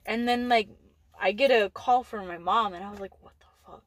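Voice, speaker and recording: A teenage girl with a mid-range voice, co-hosting a podcast, casually tells her boyfriend a story with no room sound in the recording. She speaks fast, laughing and swearing often and using lots of "likes."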